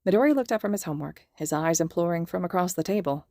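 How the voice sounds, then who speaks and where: A woman reading a fan fiction story aloud in a steady, measured narration. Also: fairly low pitch, no room sound, clean studio sound. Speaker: podfic reader.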